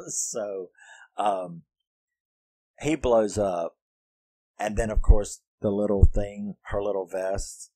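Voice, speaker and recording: Low-voiced guy rambling about a slasher flick, takes his time, swears a lot, dry room. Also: steady tone, slow, long pauses, dark tone, dry recording. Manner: profane, laughs often, quotes characters in put-on voices. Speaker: horror film reviewer. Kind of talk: casual film review monologue.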